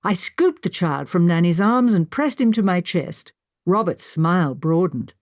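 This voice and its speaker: A woman narrating a historical novel in the first person, with expressive storytelling. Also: fairly low pitch, unhurried, no echo, studio quality. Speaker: audiobook narrator. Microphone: studio microphone.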